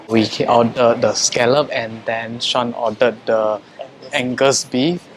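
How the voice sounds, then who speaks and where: A man's voice: mid-range voice, little pitch movement, slow pace, slight background noise. Chatty man reviewing food and rooms. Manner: chatty, frequent hesitations and fillers. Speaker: vlogger. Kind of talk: casual food and hotel review.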